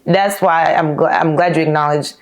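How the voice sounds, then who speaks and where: A frank young woman hosts a casual podcast chat and turns to address her listeners directly. Her voice is a touch low for a woman. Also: fairly even intonation, moderate pace. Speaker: podcast host.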